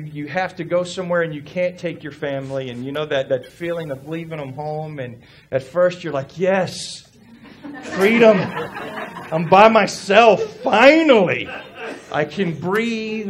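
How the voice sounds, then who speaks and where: A middle-aged man, a pastor preaching a sermon and telling a personal story in an animated way. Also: on the high side, a little hiss or hum. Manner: animated, acts out quoted voices.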